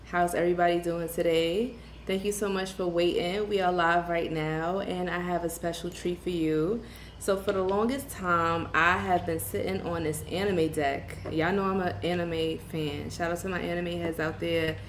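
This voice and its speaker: A woman from Brooklyn, hosting a tarot livestream in casual chat and greeting viewers with slangy shout-outs. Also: lowish voice, steady tone, moderate pace, slight background noise. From Brooklyn, New York. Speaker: tarot reader livestream host. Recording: echoey room with faint ambience.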